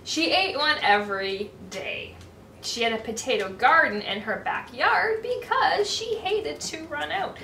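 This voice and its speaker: A woman reading a children's storybook aloud, high and bright, with a lively lilt and an unhurried pace, pausing to ask her young listeners questions. Her voice rings in an echoey room, picked up from a mic set back from her, with a faint hiss behind. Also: gravelly, recorded from a distance. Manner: animated, asks listeners questions.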